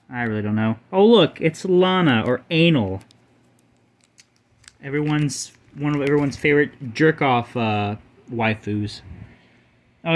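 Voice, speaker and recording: A young man casually showing off his card collection, rambling, swearing freely and stumbling over names. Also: medium pitch. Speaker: channel host.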